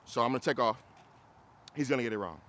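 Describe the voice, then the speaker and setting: A man leading an outdoor dog training class, explaining casually, checking that students follow and breaking into loud, high praise for the dog. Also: animated, fast, a little hiss or hum. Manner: casual, explains with repeated checks like "you get what I'm saying". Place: outdoors in a city.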